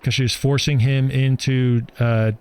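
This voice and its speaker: A man co-hosting a book review podcast, recapping the plot in a brisk, plainspoken way and pushing the talk along. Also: medium pitch, level tone, darkish tone, clean tone. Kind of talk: casual chat recapping a book.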